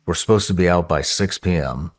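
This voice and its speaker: Man, lowish voice, casual podcast storytelling, swears a lot, excitable, restarts sentences. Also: a little fast.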